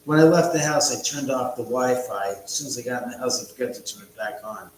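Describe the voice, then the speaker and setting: A man's voice: mid-range voice, fast, a little hiss or hum. Rambling man in an echoey room. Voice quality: rambling, profane, chatty. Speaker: livestream host. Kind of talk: casual livestream chat. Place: his own house, indoors.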